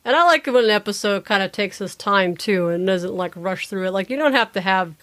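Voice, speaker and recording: A woman co-hosting a casual chat, relaxed and easygoing, often trailing off softly. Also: mid-range voice, fairly quick. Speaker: podcast co-host.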